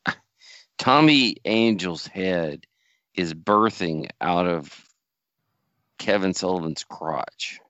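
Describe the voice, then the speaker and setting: A man with a low but bright, forward voice, chatting casually on a podcast. He makes wry jokes and states firm opinions. The sound is dry and close. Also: lively intonation, slow pace, long pauses, no room sound, dull audio. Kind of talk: casual chat.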